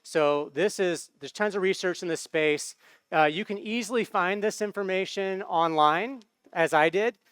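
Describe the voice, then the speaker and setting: An American man speaking at a conference, loose and conversational, often tossing in "right?". His voice is smooth and a little higher than most men's, with a dry, close sound. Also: normal speed, fairly bright tone, no room sound. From United States. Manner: casual, conversational, many fillers and tag questions. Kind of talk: conference talk. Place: conference stage. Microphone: microphone.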